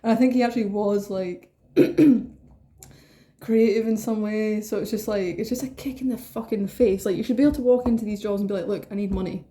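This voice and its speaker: A woman talks through a tarot spread to camera in a loose, rambling way, swearing freely and bubbling over with excitement. Her voice has a mellow, darker tone at a middle pitch. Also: normal speed. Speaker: tarot reader. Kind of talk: casual tarot reading to camera.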